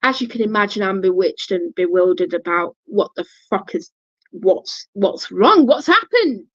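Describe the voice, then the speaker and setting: A woman's voice: medium pitch, normal speed, no echo. A woman vlogger telling a personal story casually, blunt and swearing, often restarting her sentences. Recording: dull lo-fi, dry sound.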